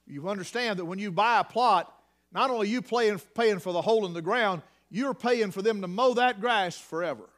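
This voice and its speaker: A man preaching a sermon, swinging between hushed near-whispers and shouted emphasis. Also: high voice, normal speed.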